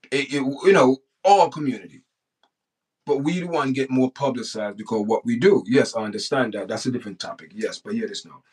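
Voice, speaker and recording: Jamaican guy on his livestream just rambling, lots of restarts, middle-aged, normal pitched voice, gets fired up now and then. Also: low-quality recording. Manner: rambling, restarts often, animated bursts. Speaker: livestream host. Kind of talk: casual live-stream monologue.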